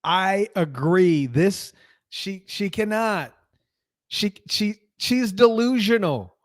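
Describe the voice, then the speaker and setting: A man's voice: high-pitched, lively intonation, slow pace, dry recording, clean studio sound. A man ranting on a commentary vlog, incredulous and mocking, often breaking into laughter. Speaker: commentary vlogger. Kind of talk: excited opinion rant.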